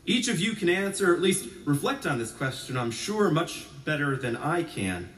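A male priest delivers a sermon in a conversational, self-deprecating way that settles into quiet reflection. His voice sits a little high for a man. It is heard from a distance in a roomy church with plenty of echo. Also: big pitch swings, moderate pace. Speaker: Episcopal priest. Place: church sanctuary.

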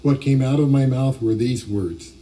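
A man's voice: mid-range voice, moderate pace, mellow, recorded from a distance, poor audio. Earnest male pastor preaching. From Ohio, USA. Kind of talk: sermon.

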